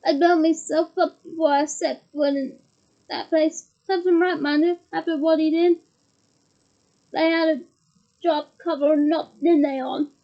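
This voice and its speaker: Woman reader doing a slow-talking older bus driver, unhurried and grumbly, muffled lo-fi sound. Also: very high-pitched, steady tone. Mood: grumbling. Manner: slow, deliberate speech. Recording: muffled lo-fi recording.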